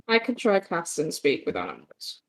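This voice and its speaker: A woman's voice: on the low side, huge pitch swings, normal speed. A woman playing a tabletop game, chatting casually and describing what her character does. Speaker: player.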